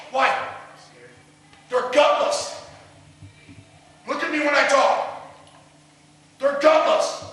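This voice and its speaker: Middle-aged man, football coach firing questions at his team; high, sharp voice in a roomy hall far from the mic. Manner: intense, preaching, repeated challenging questions. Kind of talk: motivational team speech. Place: large echoey room with the team. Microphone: far camera. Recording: echoey hall recorded from far off.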